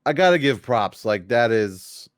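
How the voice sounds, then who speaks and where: A man's voice: medium pitch, animated, unhurried, no echo, studio quality. A man hosting a casual gaming podcast stream, reading viewer comments aloud in a loose, laughing, swear-laden way. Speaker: podcast host.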